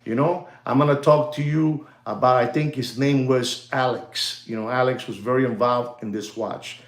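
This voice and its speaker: Animated rambling man in an echoey room. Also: mid-range voice, normal speed. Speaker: watch dealer hosting a livestream. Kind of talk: casual livestream chat.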